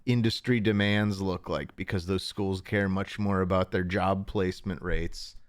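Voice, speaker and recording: Chatty, rambling man with a low voice. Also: fairly even intonation, normal speed, clean tone, no room sound. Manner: rambling, chuckling, self-interrupting. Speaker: livestream host. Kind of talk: casual livestream chat.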